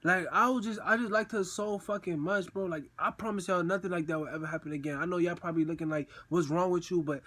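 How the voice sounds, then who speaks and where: Young male vlogger, high voice, casual slangy storyteller, acts out crying. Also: steady tone, fast, few pauses, fairly bright tone. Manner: slangy, repeats himself, says "bro" a lot.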